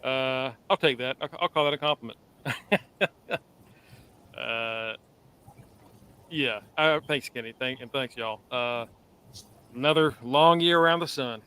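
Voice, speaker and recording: A man's voice: mid-range voice, slow pace, pauses often, sharp tone, clear, resonant tone. A man in his forties hosting a podcast, talking casually and loosely with lots of fillers. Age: 40s. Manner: loose, rambling, with many fillers. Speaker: podcast host. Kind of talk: casual chat.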